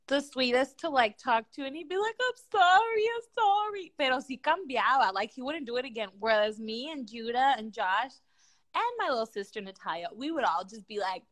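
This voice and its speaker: Young woman, casual chat, animated storyteller, high voice, bright tone. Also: fairly quick, dry recording. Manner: animated storyteller, mixing in Spanish words.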